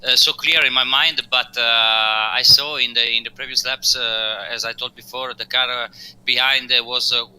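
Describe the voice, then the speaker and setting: Guy, very bright clear voice, stops a lot looking for english words. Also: mid-range voice, fairly even intonation, low-quality recording. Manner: halting, searching for English words with many fillers. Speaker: race driver guest. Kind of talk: post-race interview over voice chat.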